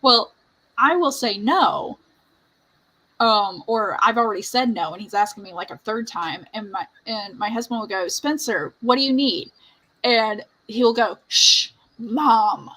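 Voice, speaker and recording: A woman hosting a casual livestream chat, her voice bright and a little breathy. She tells stories in a chatty way and laughs often, sitting a bit above the usual pitch. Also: a little slow, low-quality recording. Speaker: livestream host.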